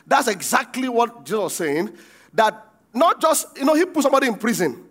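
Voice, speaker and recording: A man preaching with a strikingly high voice for a male speaker. He reads scripture aloud and keeps stopping to fire questions at the congregation, acting out the quoted lines with bursts of shouting. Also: big pitch swings, brisk. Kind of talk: sermon with call-and-response.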